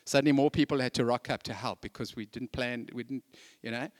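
A man's voice: medium pitch, fairly even intonation, a little fast. A man preaching a sermon in a chatty, conversational way, full of casual asides.

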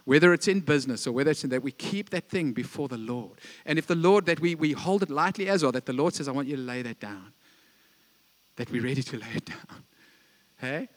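A man preaching a sermon as pastor in a church, animated and acting out little voices of God and believers, often tagging lines with "eh?". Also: fairly high pitch, fast. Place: church hall.

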